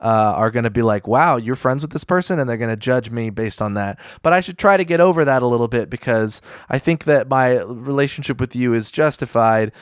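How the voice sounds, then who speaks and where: A man hosting a podcast who talks in a measured, reflective way, often pausing with fillers as he works through his thoughts. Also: mid-range voice, smooth, dry recording, clean studio sound. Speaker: podcast host. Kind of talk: casual podcast conversation.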